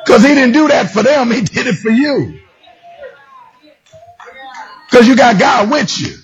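A man preaching a sermon with a raspy voice, often shouting and sliding into a singsong lilt. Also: extremely high pitch, normal speed, faint music behind. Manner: animated, shouting, singsong emphasis. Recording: dull lo-fi recording.

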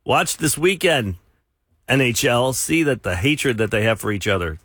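A man's voice: medium pitch, lively intonation, normal speed, fairly bright tone, slightly rough, no echo, studio quality. A man co-hosting a morning radio show, easygoing and joking. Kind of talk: casual morning radio banter.

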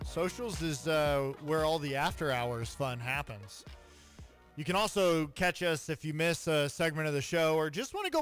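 A man's voice: on the high side, a bit bright, clean tone. Chatty male sports radio host. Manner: chatty, joking, quick asides. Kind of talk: casual sports talk.

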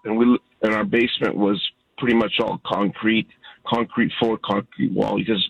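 A man's voice: mid-range voice, moderate pace, gravelly, breathy edge, no room sound. A man in his sixties from Canada, calling in to a radio show and telling a heartfelt, rambling story. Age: 60s. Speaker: caller. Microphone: phone. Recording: dull lo-fi phone-in line.

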